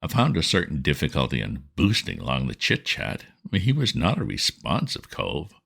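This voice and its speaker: Deep-voiced man reading a classic. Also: wildly swooping pitch, moderate pace, creaky, a bit bright, husky. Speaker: narrator. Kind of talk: audiobook reading.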